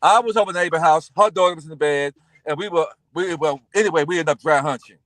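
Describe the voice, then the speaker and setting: Man in his fifties, lively storyteller who acts out every character; slightly higher voice, dry close sound. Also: quick pace, no room sound. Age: 50s. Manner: animated, acts out the people in his stories. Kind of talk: casual storytelling chat.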